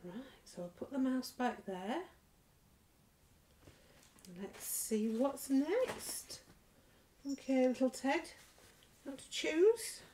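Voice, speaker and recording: Slow, gentle woman leading little ones. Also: high voice, expressive. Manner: gentle, encouraging, sing-song. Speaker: toddler group leader. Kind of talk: nursery rhyme session for little children.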